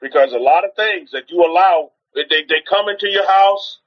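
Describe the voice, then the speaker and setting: This high-voiced man talks at a normal speed, and the audio sounds dull. He's preaching informally to a livestream audience, exhorting them, asking the same rhetorical questions again and often starting his sentences over.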